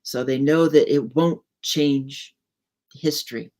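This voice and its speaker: A woman's voice: a bass voice, slow, a little mellow. A woman hosting a podcast, musing and telling stories in casual conversation, often restarting her phrases. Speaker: podcast host.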